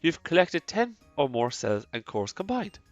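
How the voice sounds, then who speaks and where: A man reading game characters aloud in a mock French accent, quiet and halting with stumbles. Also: on the high side, big pitch swings, lo-fi sound, faint music behind, pitched above the performer's own voice.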